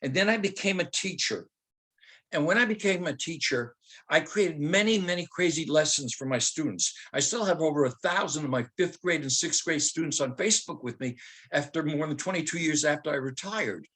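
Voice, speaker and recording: A man in his seventies, a retired teacher, telling personal stories with humor and slowing into dramatic readings. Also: fairly high pitch, a bit bright. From Germany. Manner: humorous, anecdotal, slows to dramatic recitation.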